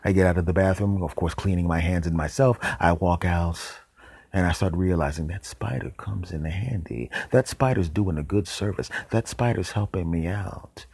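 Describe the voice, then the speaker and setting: A man with a very low, husky voice tells a comic story as the host of his show. He delivers it in an animated way and drops into whispered, deadpan asides. The sound is dry and close. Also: no room sound.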